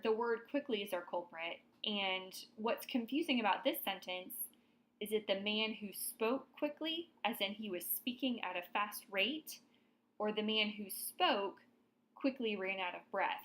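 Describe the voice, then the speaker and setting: A woman's voice: mid-range voice, expressive, unhurried, fairly bright tone, poor audio. Casual woman teaching grammar. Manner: friendly, checks in with students, casual fillers. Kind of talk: grammar lesson explanation.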